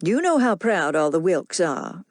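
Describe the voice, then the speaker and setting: Lady reading as a slick crafty gentleman, smooth and coaxing, lowish dry voice. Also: big pitch swings, no echo, exaggerated voice. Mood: persuasive. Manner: smooth, persuasive, unhurried. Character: smooth, crafty Southern gentleman, grown man.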